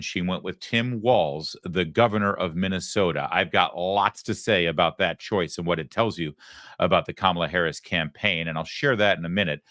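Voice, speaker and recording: Low-voiced sarcastic male talk host. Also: pushed and bright, dry recording, studio quality. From Michigan. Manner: sarcastic, emphatic, quick asides. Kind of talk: political talk show monologue.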